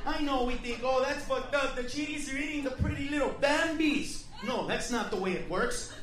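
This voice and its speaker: A man doing a brash, profane stand-up set, yelling punchlines at a live crowd in a comedy club. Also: very high voice. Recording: echoey club audio from far off, crowd laughter.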